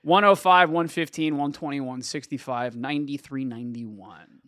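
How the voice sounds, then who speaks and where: A man's voice: mid-range voice, fairly even intonation, normal speed, a bit bright, dry recording, studio quality. A man co-hosting a casual gaming podcast, stammering through restarts and cracking crude jokes. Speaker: podcast co-host.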